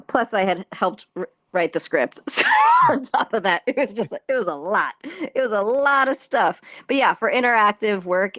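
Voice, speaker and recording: A woman's voice: medium pitch, dry recording. A woman guest on a casual podcast interview, a theatre performer and dance teacher, talking in a chatty way with frequent laughs, fillers and restarts. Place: virtual reality social world voice chat.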